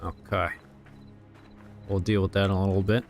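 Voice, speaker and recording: A man chatting casually on a game livestream, rambling and relaxed as he talks to his viewers while playing. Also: sits low, moderate pace, faint music behind. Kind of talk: casual gaming livestream chat.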